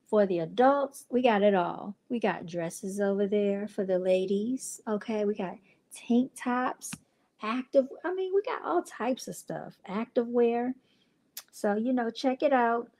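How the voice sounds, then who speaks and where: A woman's voice: a little high, warm tone. A woman hosting her own livestream channel, talking casually to viewers with chatty, exasperated asides. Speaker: channel host and clothing brand founder.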